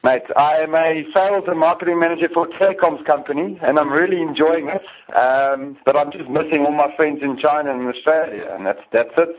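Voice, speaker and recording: A high-voiced man from South Africa on a call. He jokes and swears crudely, and his voice comes through dull and lo-fi. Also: brisk, few pauses. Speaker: caller on a phone link. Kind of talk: casual chat. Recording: dull lo-fi phone-call audio.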